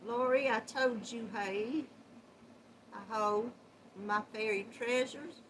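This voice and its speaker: A woman's voice: a little high, slow, a little hiss or hum. A middle-aged woman, hosting a casual livestream and greeting viewers with sweet endearments and frequent laughs. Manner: warm Southern endearments, chatty, laughs often. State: runny nose. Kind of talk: casual live chat.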